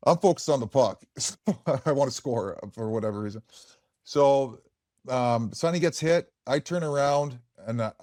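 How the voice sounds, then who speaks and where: A man's voice: medium pitch, normal speed, darkish tone, no echo, studio quality. A man in his forties, a former hockey player, telling stories on a podcast in a frank, rambling way full of fillers and swearing. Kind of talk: casual podcast storytelling.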